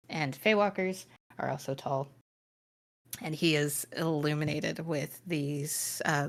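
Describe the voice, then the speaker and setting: Gravelly low-voiced woman game master. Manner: rambling, many fillers and restarts. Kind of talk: narrating a tabletop game.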